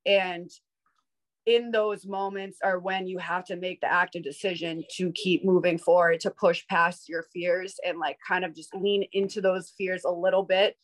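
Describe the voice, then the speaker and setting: A woman's voice: fairly low pitch, level tone, normal speed, low-quality recording. A woman in her thirties from Boston, a guest on a video-call interview, telling candid stories in an outgoing way and laughing often. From Boston, USA. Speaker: guest, sober bartender. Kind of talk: casual interview storytelling.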